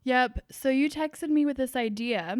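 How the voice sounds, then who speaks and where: A young woman co-hosting a podcast, giggly and animated as she tells stories to a friend. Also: high-pitched, unhurried, dry recording, studio quality. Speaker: podcast co-host. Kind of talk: casual chat.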